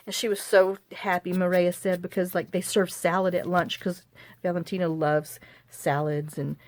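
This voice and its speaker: This middle-aged woman's voice is fairly low and darkish, level in tone and moderate in pace. She's a craft vlogger at home, chatting folksily to her audience and often to herself as she glues and trims her project.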